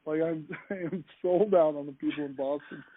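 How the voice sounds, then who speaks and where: A man's voice: fairly high pitch, steady tone, normal speed, a loud crowd. A man telling an anecdote with enthusiasm, often restarting his sentences, heard over a call. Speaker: podcast speaker. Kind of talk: animated anecdotal storytelling. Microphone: call line. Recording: tinny phone-like call audio.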